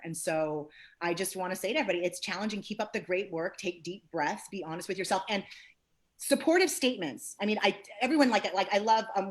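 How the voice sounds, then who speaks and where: Lively woman therapist on a panel, low-pitched. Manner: expressive, acts out encouraging and critical inner voices. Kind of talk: panel discussion.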